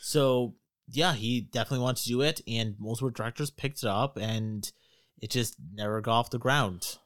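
A man's voice: mid-range voice, normal speed, fairly bright tone, no echo, clean studio sound. A man co-hosting a casual podcast, relaying facts and reading quotes aloud. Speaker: podcast co-host.

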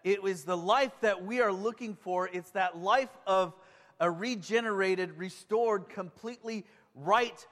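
A man preaching with a high, light voice that gets excited and asks his listeners questions in a chatty, animated way. His voice rings out with a long reverb, as in a large church sanctuary. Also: unhurried. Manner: enthusiastic, conversational, asks the congregation questions. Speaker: pastor. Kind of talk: sermon.

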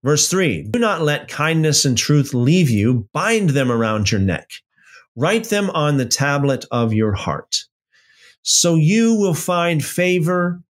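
A man leading an evening Bible study, reading scripture aloud and adding conversational comments with frequent restarts. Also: medium pitch. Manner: slow, deliberate reading with conversational asides and restarts.

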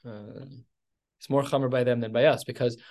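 A man leading a text study class, telling the story with animated asides. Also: mid-range voice, a little fast.

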